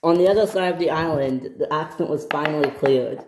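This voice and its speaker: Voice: mid-range voice, brisk. A storyteller improvising narration for a homemade toy train video, rambling and often restarting sentences. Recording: echoey noisy home recording.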